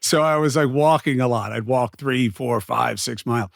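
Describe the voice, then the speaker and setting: A man's voice: mid-range voice, moderate pace, vocal fry, no echo, studio quality. A man hosting a casual interview, chatty and conversational, telling stories with lots of fillers. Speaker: host.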